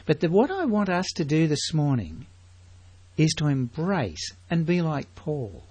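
A man's voice: a little high, big pitch swings, a little slow, a little mellow, slightly rough. A man preaching a sermon, emphatic and full of rhetorical questions to his congregation.

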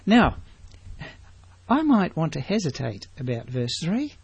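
A man's voice: fairly high pitch, wildly swooping pitch, unhurried, vocal fry, slightly rough, lo-fi sound. A man preaching a sermon, emphatic and full of rhetorical questions to his congregation.

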